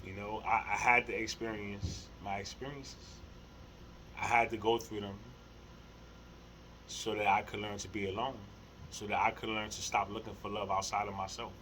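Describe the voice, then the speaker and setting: A man's voice: on the low side, little pitch movement, normal speed, rough recording. Middle-aged man, casual spiritual talk to camera, slangy and profane, stumbling repeats, faint background hiss. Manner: rambling, repeats words, heavy slang and swearing; earnest, laughs softly between thoughts. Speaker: spiritual vlogger.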